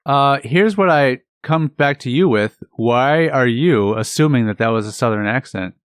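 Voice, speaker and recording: A man's voice: medium pitch, lively intonation, moderate pace, clear, resonant tone. A man co-hosting a podcast in casual chat, arguing playfully and teasing his co-host.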